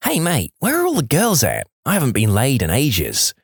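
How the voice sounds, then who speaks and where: A man's voice: medium pitch, huge pitch swings, normal speed, husky, no echo, studio quality, heavily acted. A man voicing a desperate young Australian farmhand, exasperated.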